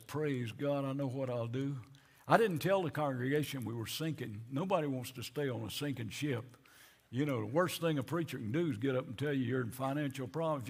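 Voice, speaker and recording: A man's voice: mid-range voice, vocal fry, breathy edge. A man, a pastor telling a story in a sermon, acting out the people he quotes and often repeating words.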